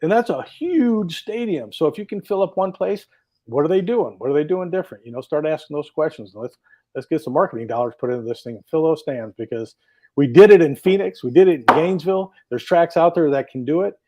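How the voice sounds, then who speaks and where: A man's voice: a little high, expressive, a little fast, dark tone. A man guest on a talk show, telling stories in an enthusiastic, rambling way over a video call. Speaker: drag racing driver guest. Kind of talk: casual talk show interview.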